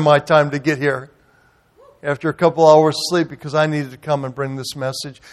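This sermon comes from a man acting as guest pastor, who narrates a story with drama and veers from loud anger to gentle, hushed warmth. His voice is a little high.

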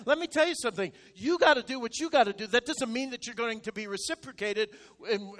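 A male pastor delivering a sermon, swinging from loud, emphatic declarations to soft, quiet asides. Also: very high-pitched.

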